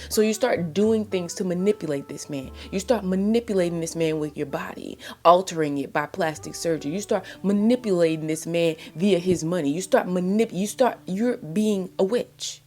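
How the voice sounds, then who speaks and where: A woman lectures on relationships in a low-pitched, impassioned voice. She is blunt and preachy and keeps firing exasperated rhetorical questions. Soft music plays faintly behind her. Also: moderate pace, few pauses. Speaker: relationship advice vlogger. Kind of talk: faith-based relationship advice monologue.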